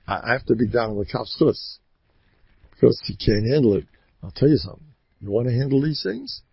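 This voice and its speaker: Guy with a gravelly husky voice telling stories, drops in yiddish words, jumps into funny voices, dull lo-fi sound. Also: dry recording. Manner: animated, acts out voices with big pitch jumps; mixes in Yiddish and Hebrew words. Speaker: storyteller giving a religious talk. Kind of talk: folksy storytelling talk.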